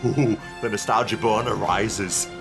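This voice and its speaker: A man's voice: fairly low pitch, fairly even intonation, a little slow, gravelly, music in the background. A man narrating a comedic TV review, sardonic and profane, often poking fun at himself. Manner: sardonic, profane, self-mocking.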